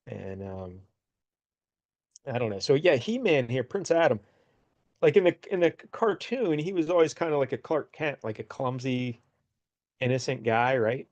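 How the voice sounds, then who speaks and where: A man's voice: medium pitch, animated, moderate pace, long pauses, darkish tone. Guy chatting comics on a podcast, kinda rambly, laughs a lot, muffled audio. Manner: rambling, laughing, acts out character lines. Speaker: podcast co-host. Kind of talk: casual comic book chat.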